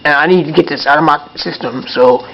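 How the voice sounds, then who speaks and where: Guy doing a cranky puppet dude ranting, kinda highish voice, muffled lo-fi sound. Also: a little fast, vocal fry, fairly bright tone. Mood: angry. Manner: angry ranting, apologetic asides. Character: grumpy male puppet, angry ranter. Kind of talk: puppet show monologue.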